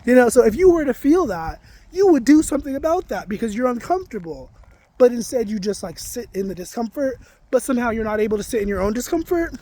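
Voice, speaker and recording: A man talking straight to camera in a casual confessional vlog, emphatic and ranting, swearing freely, then giving gentle reminders. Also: extremely high pitch, sing-song, quick pace. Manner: reflective, self-help reminders. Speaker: vlogger.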